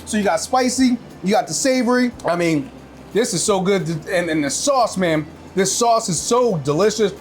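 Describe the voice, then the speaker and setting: Young male food-show host, high-ish voice, excitable tasting reactions. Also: normal speed, soft background music.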